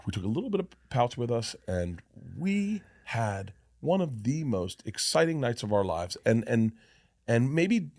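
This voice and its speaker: A man telling a wild story on a podcast, animated and acting out the voices of people in it. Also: medium pitch, a little slow, no room sound, clean studio sound.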